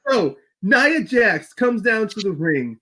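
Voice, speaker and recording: A man hosting a casual wrestling podcast, talking fast with restarts and fillers. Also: high voice, sing-song, bright, forceful tone. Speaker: host.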